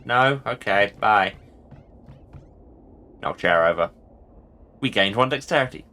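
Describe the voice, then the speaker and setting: Playful man with a lively, bright voice. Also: lowish voice, slow. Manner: playful and jokey. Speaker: let's play host. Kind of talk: casual gameplay commentary.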